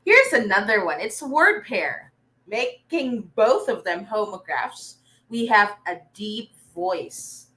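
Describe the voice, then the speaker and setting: A woman's voice: mid-range voice, sing-song, takes it slowly, sharp tone, rough recording. A Filipino woman teaching an online reading lesson, encouraging and often checking in with her learners. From Philippines.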